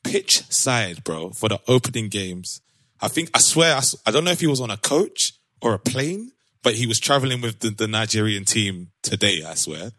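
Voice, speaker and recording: A man with a fairly low voice hosts a relaxed podcast chat. He laughs easily and leans on slang. The sound is dry and close. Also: moderate pace, dry recording. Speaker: podcast host. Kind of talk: casual chat.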